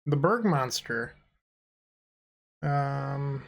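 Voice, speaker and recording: A man talks through his card game moves in a relaxed, casual way, sounding tired as the night wears on. He drops dry, sarcastic jokes between plays, and his voice sits at an ordinary middle pitch. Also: drawn-out words, vocal fry. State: tired, yawning. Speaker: co-host playing and commentating a card game. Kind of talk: casual gameplay commentary.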